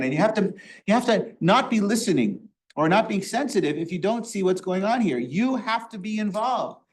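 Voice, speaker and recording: A rabbi leading a Torah study class, asking rhetorical questions and quoting Hebrew verses. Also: male voice, high-pitched. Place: synagogue classroom.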